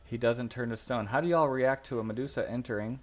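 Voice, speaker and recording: A man narrating as game master of a tabletop game, deliberate and with fillers. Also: mid-range voice. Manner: slow, deliberate, uses fillers.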